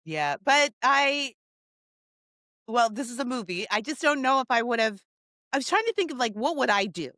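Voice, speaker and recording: Woman, podcast co-host, chatty film talk, wonders aloud, slightly high voice, bright tone. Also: animated, normal speed, no room sound. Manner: chatty and musing, wondering aloud, laughs often. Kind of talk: casual chat reviewing a film. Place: home.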